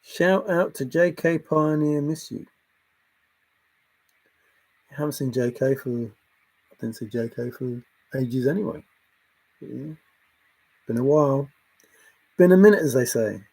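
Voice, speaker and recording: Gravelly man chatting casually. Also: mid-range voice, unhurried, pauses often, a little mellow. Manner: chatty, laughs often, wanders between topics. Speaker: livestream host reading chat. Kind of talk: rambling casual chat.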